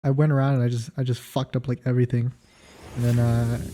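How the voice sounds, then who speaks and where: A man's voice: medium pitch, level tone, fast, mellow. A young man co-hosting a podcast, chatting casually in a rambling, laid-back way that trails off. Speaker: podcast co-host. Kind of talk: casual chat.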